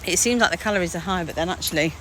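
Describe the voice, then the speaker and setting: A woman's voice: lowish voice, racing, noisy background. A woman chatting casually in a daily vlog, rambling about her day while walking outdoors, sometimes out of breath. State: out of breath at times. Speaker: vlogger.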